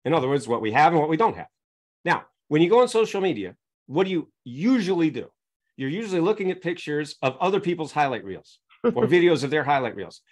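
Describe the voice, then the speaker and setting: A man with a somewhat raised voice talks as a coaching guest on an interview podcast. His pitch swings widely and animatedly as he builds his points through examples. He checks in with the listener again and again. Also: very animated, quick pace. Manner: teaches through examples, keeps checking in with "right?".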